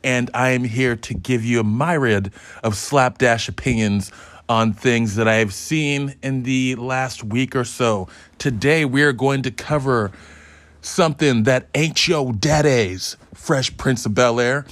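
A man's voice: medium pitch, a little slow, fairly bright tone, no echo. A man hosting a solo review podcast, talking in a hyped, profane, joking ramble. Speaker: podcast host.

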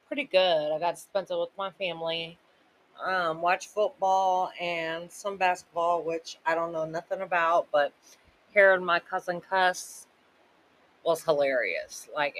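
A man's voice: fairly high pitch, bright, forceful tone, poor audio. A man hosting a podcast, talking casually about faith in a loose, rambling way full of "like" and "you know". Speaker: podcast host.

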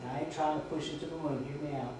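Preacher in an echoey church. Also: male voice, a little high, steady tone, fast talker, far from the mic, noisy background. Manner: storytelling, shouting quoted drill commands. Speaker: pastor. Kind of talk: sermon. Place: church sanctuary.

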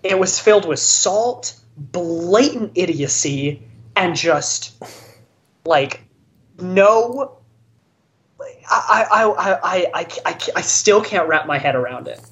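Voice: mid-range voice, animated, slow. A podcast co-host in casual chat, retelling a card game match in a rambling way, with lots of restarts and stammers. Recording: dull lo-fi audio.

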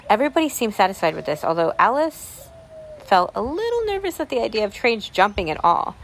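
A woman reading a children's classic aloud, pausing with ums to explain old words. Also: mid-range voice, big pitch swings, a little hiss or hum. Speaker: reader.

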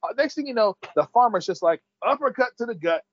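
Man, animated storyteller, acts out quotes, swears, dull lo-fi dry sound. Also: very high voice, fast talker, husky, dry recording. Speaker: podcast co-host recapping an episode. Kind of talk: casual chat, animated story recap.

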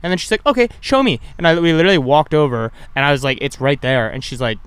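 A man's voice: medium pitch, very fast, smooth, dry recording. Young man telling crude stories. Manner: rambling, crude storytelling with voiced quotes. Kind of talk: casual chat.

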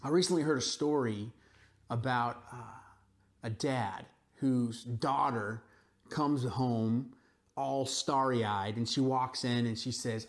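A man preaching a sermon, telling stories in a relaxed, conversational way with frequent asides to the congregation. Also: mid-range voice, slow. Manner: conversational storytelling with frequent "right?" and "you know". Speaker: pastor.

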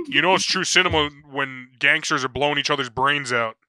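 Dude hosting a late night podcast, super bright sharp voice, crude jokes, laughing a lot, dry close sound. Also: male voice, a little high, sing-song, normal speed, no room sound. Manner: crude joking, laughs often. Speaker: podcast host.

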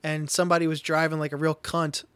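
A man's voice: fairly high pitch, little pitch movement, fast, fairly bright tone, smooth, no room sound. A man co-hosting a podcast in casual, crude banter, dropping dry, wry quips. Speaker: podcast co-host.

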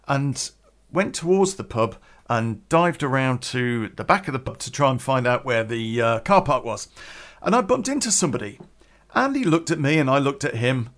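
A man's voice: mid-range voice, normal speed. A British man telling a personal anecdote casually, swearing often and restarting with plenty of fillers. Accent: British English. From Britain. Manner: profane, animated, with many fillers and restarts. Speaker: storyteller.

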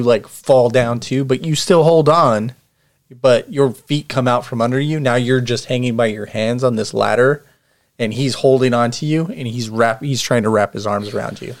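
A man narrating a tabletop game as dungeon master, in a casual, quick way with fillers. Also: medium pitch.

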